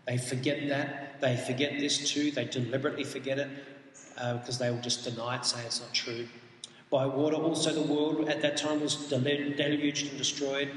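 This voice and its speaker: Emphatic preacher in an echoey hall. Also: male voice, mid-range voice, steady tone, moderate pace. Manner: earnest, emphatic, reads scripture aloud. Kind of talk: sermon. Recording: echoey hall with faint noise.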